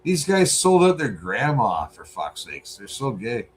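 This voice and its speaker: A man's voice: mid-range voice, wildly swooping pitch, measured pace, poor audio. A Canadian man in his forties, a streamer giving blunt, profane, rambling commentary on a debate. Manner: blunt, swearing, rambling asides.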